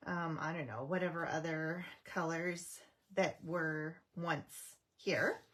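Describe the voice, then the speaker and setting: A woman's voice: lowish voice, takes it slowly, fairly bright tone, slightly rough. A middle-aged woman from Canada hosting a casual craft live stream, chatting with viewers, greeting them by name, with frequent ums and restarts.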